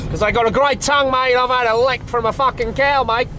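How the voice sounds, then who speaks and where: A man's voice: extremely high pitch, steady tone, a little fast, pushed and bright, slight background noise. A man playing a crude, foul-mouthed Australian woman who bullies her boyfriend, in a swearing, domineering comedy-sketch manner. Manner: swears constantly, brash and domineering.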